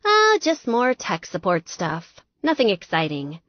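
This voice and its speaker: A woman narrator voicing a klutzy, cheerful nerdy young woman who talks high and loud and hams up a fake British accent. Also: wildly swooping pitch, unhurried, no echo, muffled recording. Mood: sheepish.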